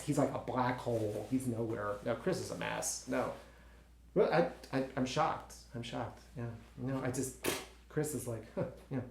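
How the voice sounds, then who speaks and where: An actor playing an insecure, easily frustrated young stage actor in his twenties, who talks in halting, stammering bursts to partners the audience never hears. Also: mid-range voice, gravelly, darkish tone. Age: 20s. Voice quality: stammering, halting, full of restarts. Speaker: actor in a one-man play. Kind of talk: solo stage monologue, talking to unseen partners. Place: theatre stage. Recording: roomy theatre sound.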